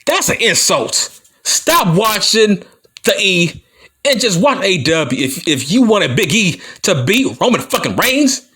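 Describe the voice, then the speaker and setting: This wrestling vlogger from Compton, California has a high-pitched, bright, forceful voice with a breathy edge, very animated but measured in pace. He rants a profane heel-style promo, taunting and combative, his speech slurred, mushy and stuttering, swearing often.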